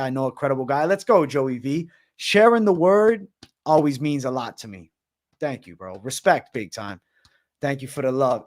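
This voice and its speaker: A man in his twenties hosting a casual livestream, hyped and profane, heavy on slang. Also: mid-range voice. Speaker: livestream host.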